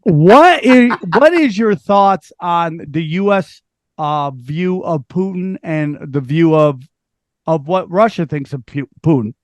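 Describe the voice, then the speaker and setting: High-voiced comic man spinning a yarn. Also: slow pace, no room sound. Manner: animated, profane, acts out quotes. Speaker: podcast host, stand-up comic. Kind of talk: storytelling on a podcast.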